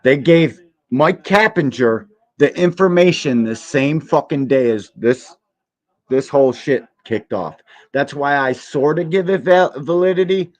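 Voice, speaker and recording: Hosting a live boxing stream, a man whose voice is a little high reacts to a clip at an unhurried pace. He curses liberally and ridicules what he's watching, keeping things animated.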